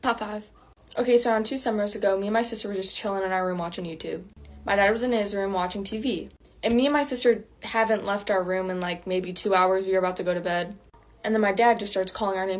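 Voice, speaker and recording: A woman's voice: mid-range voice, quick pace, a little mellow. A text-to-speech woman's voice telling a story in a casual, chatty way.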